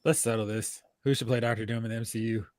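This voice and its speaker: A man chatting casually about a film with friends, giving opinions in relaxed banter. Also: on the low side, fast talker, no echo. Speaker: co-host. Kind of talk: casual chat.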